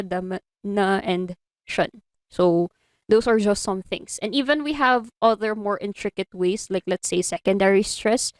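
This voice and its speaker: A woman's voice: mid-range voice, no echo. A woman with a Filipino accent giving an animation lecture in an online class, explaining step by step and slipping Tagalog phrases into her English. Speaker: animation instructor. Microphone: computer mic on a video call.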